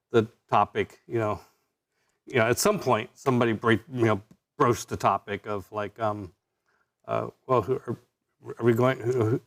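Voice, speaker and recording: A man narrating as game master of a live tabletop game, talking haltingly with many fillers and restarts. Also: mid-range voice, gravelly.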